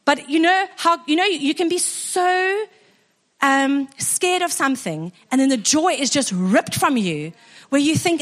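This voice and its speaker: A middle-aged woman with a high voice delivers a storytelling sermon. She talks in a lively, self-mocking way and keeps checking in with her congregation. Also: measured pace. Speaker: preacher.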